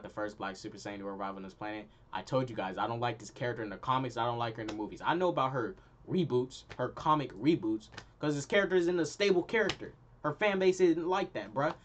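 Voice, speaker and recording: A man's voice: medium pitch, a bit bright, highs cut off, slight background noise. A young man hosting his own channel, giving a heated, slangy movie review full of repeated punchlines. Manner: slangy, heated and emphatic, repeats lines for effect. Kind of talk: casual ranting review.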